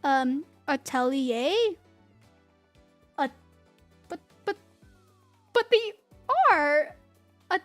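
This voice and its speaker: A woman's voice: high voice, lively intonation, very slow, long pauses, fairly bright tone, soft background music. An American woman in her thirties, a VTuber rambling and ranting in a casual stream, giggling often. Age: 30s.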